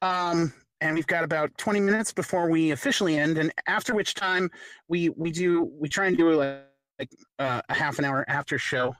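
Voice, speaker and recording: A woman hosting a podcast in casual chat, with an animated, giggly manner and hesitant fillers. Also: low voice, moderate pace, no room sound. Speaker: podcast host.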